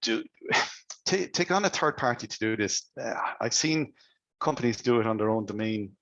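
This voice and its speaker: A man's voice: mid-range voice, animated, moderate pace, fairly bright tone, no echo, dull audio. A man presenting cybersecurity advice to business owners, speaking conversationally and asking many rhetorical questions.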